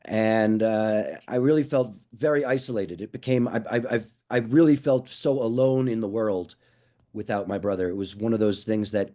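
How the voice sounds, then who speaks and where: A man's voice: on the low side, steady tone, moderate pace, mellow. A man answering a panel question on a video call, speaking in an earnest, reflective way. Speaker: panelist and podcaster. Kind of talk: casual spoken answer.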